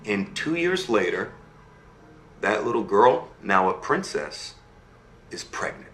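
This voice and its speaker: A man telling a fairy tale in an animated storytelling style, often checking in with his listener. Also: on the low side, slow, reverberant, exaggerated voice.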